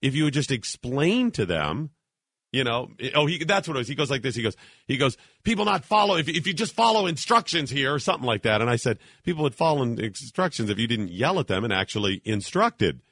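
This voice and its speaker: Animated radio host man, crisp dry studio sound. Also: medium pitch, a little fast, no echo. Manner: animated, indignant storytelling with acted quotes. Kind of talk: talk radio monologue. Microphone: studio mic.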